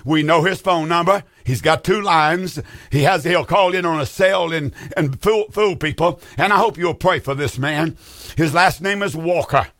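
A man's voice: fairly high pitch, moderate pace, a bit bright, no echo, clean studio sound. A male pastor, preaching fervently on a radio call-in program in a sing-song drawl, repeating his rhetorical questions.

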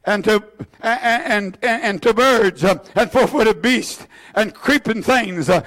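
Male preacher with a high voice and a fervent church-sermon delivery. Repeats phrases, drops lots of "uh"s, and swings between shouting and near-whispers. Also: a little slow. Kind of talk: impassioned sermon.

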